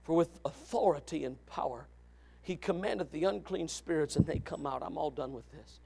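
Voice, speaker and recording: A man preaching a sermon, moving from quiet asides to shouted exclamations and reading scripture aloud. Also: a little high, moderate pace, gravelly, breathy edge. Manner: reads scripture in old-fashioned wording. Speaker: pastor. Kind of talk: fiery sermon.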